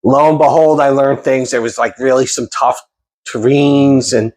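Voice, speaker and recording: A man's voice: medium pitch, moderate pace. A man, hosting a casual interview and telling long stories with many restarts. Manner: rambling, animated storyteller with many restarts. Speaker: podcast host and chef.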